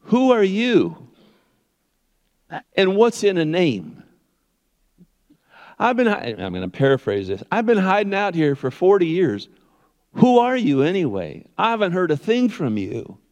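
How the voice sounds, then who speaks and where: A man playing a reluctant older Moses who whines and complains, his voice raised high and loud. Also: sing-song, slow, pauses often, muffled recording, exaggerated voice. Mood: whining. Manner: whiny, protesting.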